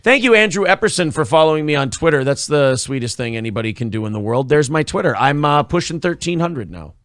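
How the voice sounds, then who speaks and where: Brief: wry, cussing male host, a touch high-pitched, dry close mic. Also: big pitch swings, quick pace, a bit bright, no room sound. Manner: sarcastic, profane, mock-outraged. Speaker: podcast co-host. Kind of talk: casual chat.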